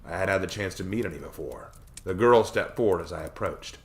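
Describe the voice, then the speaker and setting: A man reading aloud a first-person story he wrote himself, in a measured, expressive narrating manner. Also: deep voice. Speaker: storyteller reading his own fiction.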